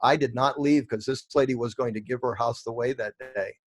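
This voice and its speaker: A middle-aged man, a guest in an interview, telling stories in an animated way and acting out the dialogue of people he met. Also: mid-range voice, fairly quick. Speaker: guest, real estate investor. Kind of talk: storytelling interview answers.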